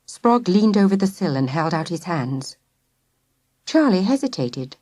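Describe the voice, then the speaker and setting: Woman narrator, animated storybook reading, dry close mic. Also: on the low side, unhurried, dry recording. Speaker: audiobook narrator.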